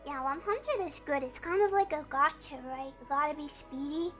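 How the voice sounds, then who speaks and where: A woman's voice: high voice, moderate pace, fairly bright tone, faint music behind. A woman streaming live, chatting casually and greeting viewers by name in a bubbly way.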